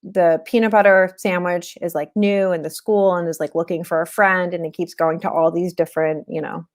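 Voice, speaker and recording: A woman's voice: fairly low pitch, fairly even intonation, normal speed. A woman in her thirties giving a casual instructional webinar talk, conversational with frequent fillers. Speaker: webinar presenter on teaching reading.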